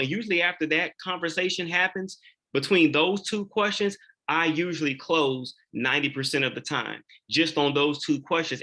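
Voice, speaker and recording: Man, sales training talk, bright tone, slightly high pitch, emphatic, repetitive rhetorical questions. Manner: emphatic, repeats key questions, rhetorical why-questions. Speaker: insurance agent presenting sales training.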